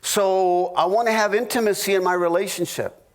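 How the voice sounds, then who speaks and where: A middle-aged man, a pastor, teaching a marriage class in a humorous sermon, telling stories with halting restarts and jokey asides. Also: high voice, steady tone.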